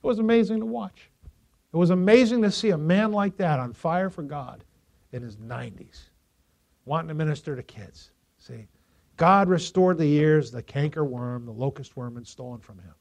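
A man pastor preaching a storytelling sermon, swinging from loud emphasis to quiet asides. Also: a little high, normal speed, gravelly.

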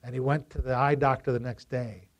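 A man pastor preaching a storytelling sermon, swinging from loud emphasis to quiet asides. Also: mid-range voice, fairly even intonation, fairly quick.

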